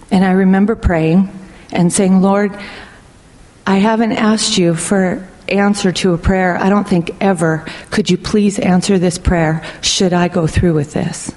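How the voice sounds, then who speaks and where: A middle-aged woman sharing a personal faith testimony in an earnest, reflective way, speaking slowly and deliberately. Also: medium pitch, a little mellow. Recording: long hall reverb.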